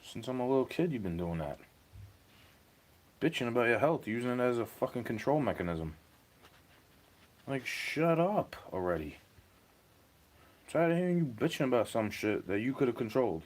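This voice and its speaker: A man's voice: medium pitch, sing-song, fast, a little mellow. A young man ranting in a rambling, agitated monologue, swearing as he talks to a stream chat.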